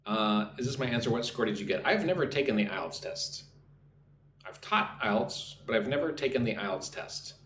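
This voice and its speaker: A man's voice: lowish voice, expressive, normal speed, fairly bright tone. A male English teacher on a live stream, reading viewers' chat messages and modelling exam answers with pronunciation drills. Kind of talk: live-streamed speaking lesson. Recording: roomy echo, faint background noise.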